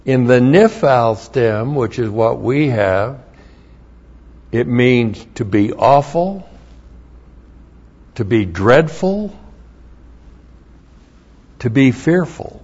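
A pastor teaching through a Bible passage word by word, spelling out terms letter by letter, with dry humorous asides. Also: male voice, medium pitch, expressive, darkish tone, slightly rough. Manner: slow, emphatic, spells out words letter by letter. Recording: dull lo-fi recording.

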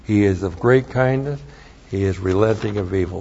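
A man's voice: medium pitch, normal speed, muffled recording. A man teaching a sermon, studying Hebrew words, who repeats key phrases and spells out letters with emphasis. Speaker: Bible teacher.

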